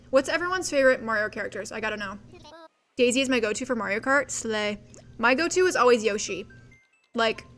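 High-voiced giggly woman streamer. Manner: excitable, giggly, squeals with delight; reads chat aloud and answers viewers. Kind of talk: casual live-stream chat while gaming.

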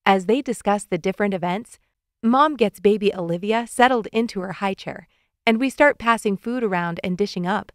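A woman narrating a children's audiobook in the first person of a young boy, reading clearly and expressively. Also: medium pitch, moderate pace, no echo, clean studio sound.

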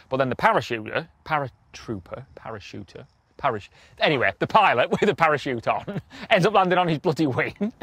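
A man's voice: a little high, a bit bright, slightly rough. A middle-aged man, telling stories to camera in a blunt, casual way, swearing and laughing as he goes. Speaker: documentary presenter.

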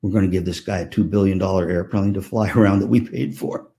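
An older man giving a keynote to music teachers, telling lively anecdotes and acting out the voices of people in them. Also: deep voice, quick pace, creaky. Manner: animated, acts out voices in anecdotes. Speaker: keynote speaker. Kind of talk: storytelling keynote. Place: virtual conference talk.

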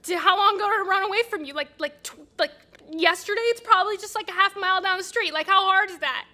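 A woman's voice: high voice, fairly even intonation, measured pace, a bit bright. A rambling, anxious young woman. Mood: frustrated. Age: 30s. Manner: rambling, apologetic, bursts into angry rants.

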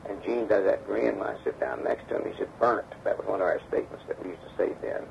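A deep, heavily gravelly male voice recounting a personal story in an interview, slipping into the voices of the people in it. The sound is dull and lo-fi, taken from a damaged old tape with a faint hiss underneath. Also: quick pace. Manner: animated storyteller acting out quoted dialogue. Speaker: interview guest, former bodyguard.

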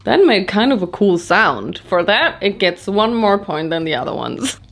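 A woman's voice: animated, vocal fry, fairly bright tone. A young woman from Germany doing a casual, playful taste-test vlog with dramatic reactions. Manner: dramatic, playful, quick jumps in pitch. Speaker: vlogger.

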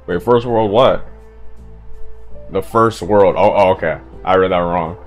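A man hosting a manga reaction, talking casually, profanely and excitably, with stammered restarts and sudden loud outbursts. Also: deep voice, a little slow, long pauses, faint music behind.

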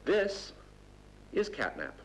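A man voicing a grave, slow male narrator of a toy commercial, speaking in a hushed, foreboding way. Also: high-pitched, wildly swooping pitch, heavily acted, poor audio. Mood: ominous. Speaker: narrator of an in-game promotional tape. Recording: game audio over loud music. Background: music.

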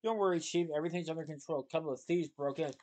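Picture a scheming chocolate cartel boss, greedy and boastful, with a faint menace in how he talks down to people, as a man reading a storybook puts him on. His voice sits a bit high for a man. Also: racing, a little mellow, natural voice.

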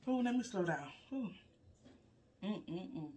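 During a casual live eating vlog, a woman with a fairly low voice talks to her viewers in an unhurried way, leaving long pauses. She hums "mm" between bites as she savors her meal, speaks with her mouth full, and keeps things relaxed and chatty, addressing everyone as "y'all."

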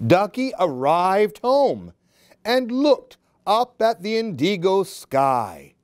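A woman reading storybooks aloud to young children, very slow and sing-song. Her pitch rises and falls widely to keep them listening. The recording is close and dry. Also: sing-song, darkish tone, no room sound.

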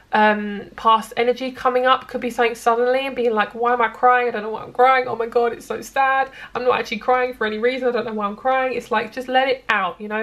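A woman giving a casual, reassuring tarot reading straight to her viewers. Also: on the high side. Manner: chatty, reassuring, addresses viewers directly. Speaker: tarot reader.

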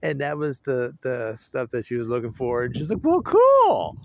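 A man's voice: mid-range voice, fairly even intonation, normal speed, gravelly, darkish tone, no echo. A man casually rambling through a story with fillers and chuckles, recorded outdoors on a phone. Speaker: vlogger. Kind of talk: casual chat. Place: outdoors at home while walking a dog.

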